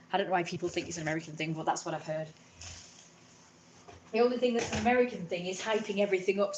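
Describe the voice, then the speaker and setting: Opinionated English woman ranting. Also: medium pitch. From Britain. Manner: opinionated, indignant, swears freely. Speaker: live streamer. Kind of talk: casual ranting monologue. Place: at home.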